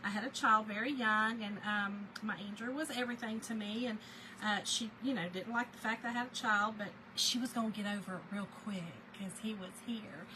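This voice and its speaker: A woman with a Southern US accent hosts a craft livestream, telling a story in a chatty, animated way as she works, often laughing and addressing her viewers. Her voice is mid-range and fairly quick, with background noise.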